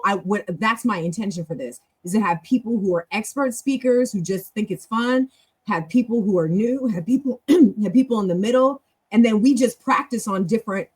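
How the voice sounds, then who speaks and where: A woman's voice: a little high, breathy edge, poor audio. A woman hosting a language club, teaching in a chatty, encouraging, long-winded way on a casual live stream.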